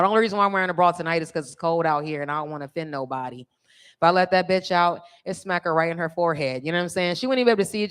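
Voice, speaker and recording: A woman's voice: fairly low pitch, clear, resonant tone. Brash middle-aged stand-up woman, bawdy crowd-teasing delivery, live on a stage mic. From California. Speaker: stand-up comedian.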